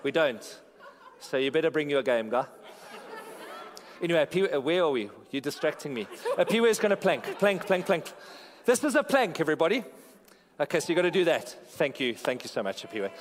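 A man's voice: a little high, big pitch swings, a little fast, some chatter behind. A man preaching a sermon as a pastor, telling a story in a playful way and joking with the congregation. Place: large church auditorium. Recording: long hall reverb in a church auditorium.

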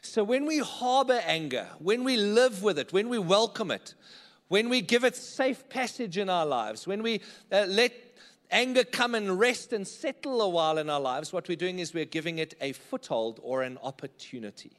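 A man's voice: high-pitched, animated, moderate pace, a bit bright, big-room sound. A man preaching a sermon in church, conversational and often checking in with the congregation. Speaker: pastor.

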